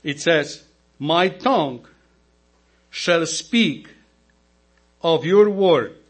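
A male deacon, not a native English speaker, preaching a sermon slowly and emphatically, asking the congregation rhetorical questions. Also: fairly high pitch, expressive, husky. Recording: mains hum in background.

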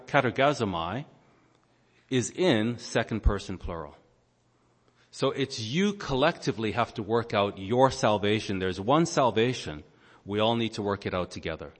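A lower-pitched man delivers a sermon in a large hall, and his voice rings with a long echo. He preaches in a teacherly manner, pausing to unpack the grammar of a scripture passage. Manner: teacherly, explains Greek grammar, pauses on words. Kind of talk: sermon with Bible exposition. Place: church or large meeting hall.

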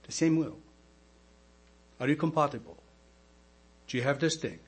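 Male deacon, non-native English speaker, slightly raised pitch, slow emphatic sermon over a mains hum. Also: husky. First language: not English. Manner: slow, emphatic preaching with rhetorical questions to the congregation.

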